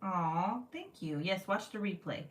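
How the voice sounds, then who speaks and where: A woman in her thirties hosts a casual livestream, telling family stories in a lively, profane way and reading viewers' comments aloud. Her voice sits at a middle pitch and sounds set back from the mic. The room adds a noticeable echo. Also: a little slow. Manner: profane, animated storytelling. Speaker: livestream host. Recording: roomy, distant from the mic.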